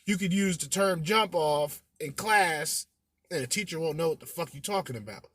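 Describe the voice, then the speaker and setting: A man's voice: a little high, moderate pace, fairly bright tone, no echo. A man hosting a podcast in a casual, brash commentary style, swearing and bantering with his listeners. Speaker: podcast host.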